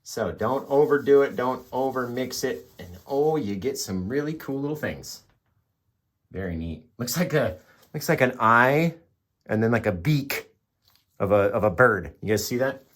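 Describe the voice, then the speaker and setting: A man's voice: mid-range voice, lively intonation, unhurried. A man hosting a live painting tutorial, chatting and encouraging viewers as he works. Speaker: painting instructor.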